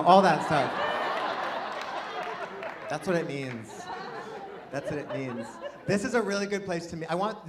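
Rambling self-deprecating male stand-up comic. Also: a little high. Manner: rambling, self-deprecating, swings from mumbled asides to shouted bursts. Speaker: stand-up comedian. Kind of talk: stand-up set. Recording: live club mic with audience noise. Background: audience laughter.

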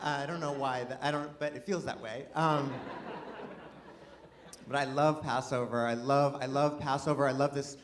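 A man's voice: mid-range voice, steady tone, normal speed, noisy background. A man doing a rambling, self-deprecating stand-up set, chatting with the crowd. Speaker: stand-up comedian. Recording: live venue with audience laughter.

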